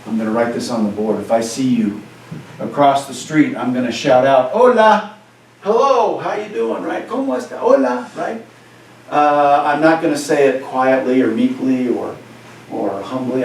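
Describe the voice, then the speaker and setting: A man's voice: mid-range voice, a little mellow. A man teaching a Spanish class in a conversational way, checking in with his students by often asking "right?". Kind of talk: classroom lecture. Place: classroom, recorded for cameras. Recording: echoey classroom from far off.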